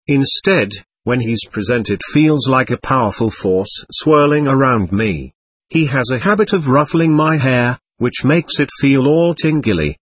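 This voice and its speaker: A man reading a first-person memoir aloud in a gentle, measured storytelling voice. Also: mid-range voice, breathy edge, dry recording. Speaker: audiobook narrator.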